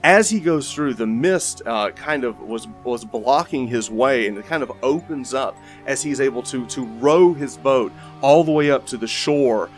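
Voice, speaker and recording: A man's voice: mid-range voice, unhurried, hardly any pauses, faint music behind. A man narrating as game master of a tabletop game, rambling with frequent restarts.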